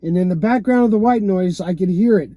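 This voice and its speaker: Rambling high-voiced man. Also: fairly quick, warm tone, no room sound. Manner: loose and rambling, many fillers like "you know" and "man", swears often. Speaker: vlogger telling a personal story. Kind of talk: casual rambling monologue. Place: inside a parked car.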